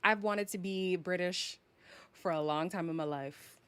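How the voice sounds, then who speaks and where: Her voice is on the low side, a bit bright and smooth, and a little slow. This young woman from Canada reviews a reality show in a casual live-stream chat, teasing and dramatic with plenty of sass and frequent laughter.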